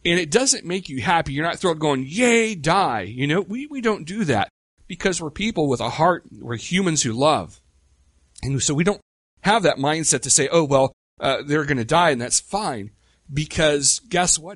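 A middle-aged man preaching a sermon in a conversational way, with rhetorical questions and slow, emphatic pauses. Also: on the high side, sing-song, breathy edge, no echo, clean studio sound. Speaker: pastor.

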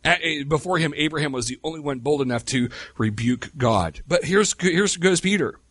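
A middle-aged man preaching a sermon in a conversational way, with rhetorical questions and slow, emphatic pauses. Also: on the high side, a bit bright, dry recording, clean studio sound. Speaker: pastor.

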